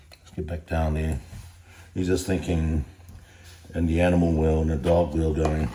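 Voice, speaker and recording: A man's voice: rumbling low, flat delivery, normal speed, long pauses, mellow. A man talking casually to his phone camera while cooking at home, joking and rambling and chatting to his dog. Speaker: bodybuilding vlogger. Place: home kitchen with a noisy fan. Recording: echoey room with fan noise.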